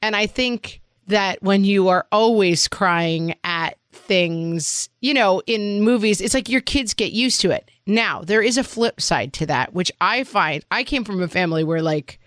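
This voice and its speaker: A woman's voice: mid-range voice, a little slow, few pauses, fairly bright tone, no echo, clean studio sound. A middle-aged woman co-hosting a parenting podcast, talking frankly with joking asides. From Irish Catholic family background. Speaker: podcast co-host. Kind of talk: casual podcast chat.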